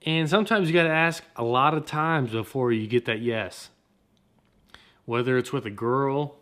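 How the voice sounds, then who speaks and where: A man hosting a motivational podcast, talking in an energetic, slangy way and repeating his points. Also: medium pitch. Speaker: podcast host.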